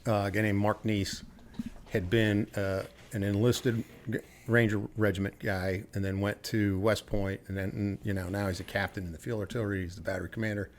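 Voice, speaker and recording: A middle-aged man from the United States talks as a guest on an interview podcast, his voice sitting fairly low. He tells his stories in a casual, blunt way, swearing freely and acting out bits of quoted dialogue. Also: little pitch movement, fairly quick, slight background noise. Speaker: podcast guest, retired Army officer.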